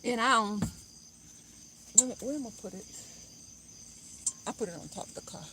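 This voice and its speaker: A woman's voice: a little high, normal speed, background noise. A woman chatting bluntly and jokingly to her viewers in a casual vlog, recorded on a phone outdoors beside a car. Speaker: vlogger.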